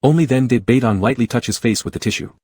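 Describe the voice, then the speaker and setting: Male narrator for a story read-through, low, husky, dry close sound. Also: fast talker, darkish tone, dry recording.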